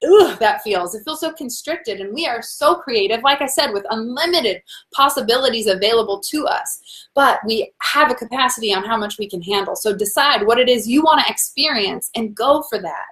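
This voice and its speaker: A woman's voice: a little high, lively intonation, brisk. Chatty encouraging woman reading tarot live. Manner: warm, encouraging, talks to viewers as "guys"; reads out viewer comments, laughs often. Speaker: tarot reader hosting a live stream.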